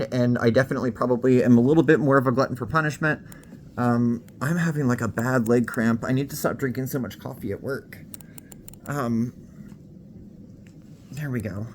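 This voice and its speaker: With a bass voice, the woman chats to camera for her vlog, openly and casually, swearing freely and a touch out of breath. A little hiss or hum sits in the recording.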